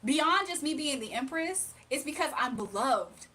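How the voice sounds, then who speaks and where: A woman's voice: high-pitched, expressive, moderate pace, bright, forceful tone. A woman, giving a casual, emphatic spiritual reading on a livestream. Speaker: spiritual reader.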